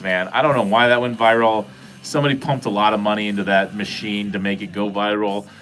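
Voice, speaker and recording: A man's voice: lowish voice, fairly bright tone. A middle-aged man hosting a casual livestream, rambling, joking and swearing as he talks to his chat. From New England. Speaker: livestream host. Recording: faint music behind.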